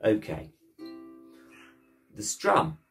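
A man's voice: extremely slow, loud music behind the voice. A man teaching ukulele in a cheeky, playful, jokey way, talking the class through chords and strumming. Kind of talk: casual instructional talk.

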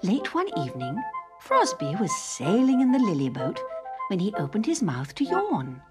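A woman narrating a children's story in a gentle, expressive read-aloud manner. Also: medium pitch, moderate pace, music in the background.

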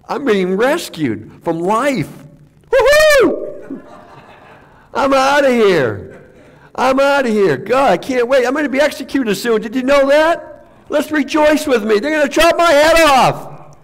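A pastor playing the apostle Paul as an older man giddy about dying and going to heaven, whooping with excitement. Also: high-pitched, slow, pauses often, husky, exaggerated voice. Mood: gleeful.

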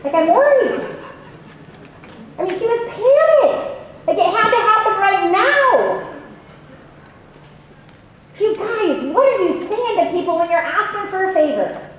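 A woman giving a motivational sales seminar and coaching the audience in an animated way with acted examples. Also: very high voice, measured pace, long pauses, muffled recording. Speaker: sales trainer. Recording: very echoey hall, faint noise.

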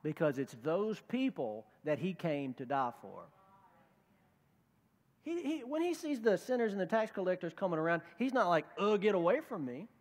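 A man's voice: sits high, big pitch swings, moderate pace, long reverb tail. A male pastor preaching a conversational sermon, acting out the voices of the people he quotes. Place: church sanctuary.

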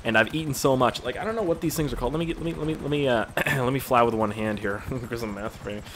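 A man's voice: mid-range voice, very fast, a little hiss or hum. Young man rambling over gameplay. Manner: rambling, profane, easily amused. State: tired. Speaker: gaming video creator. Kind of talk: casual gameplay commentary.

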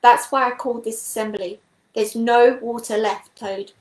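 A woman reading a storybook aloud, voicing a gentle, hesitant male badger. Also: a little high, steady tone, normal speed, echoey room, close to an everyday voice. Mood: worried.

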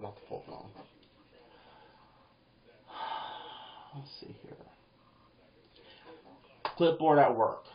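A man giving advice in a casual monologue, animated and rambling, breaking into quoted voices and swearing now and then. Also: medium pitch. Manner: animated, acts out quoted lines in bursts, swears; rambling with restarts and fillers. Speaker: vlogger. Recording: roomy, dull lo-fi home video.

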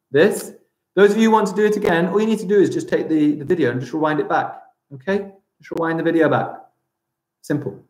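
A man teaching a live-streamed primary school craft lesson, chatting as he narrates each step aloud. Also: on the high side. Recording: roomy echo.

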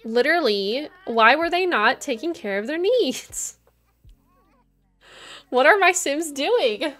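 A young woman with a high, animated voice speaks at a slow pace as she streams a life-sim game. Her casual gameplay chat goes out to viewers and game characters, full of giggles, backed by gentle game music.

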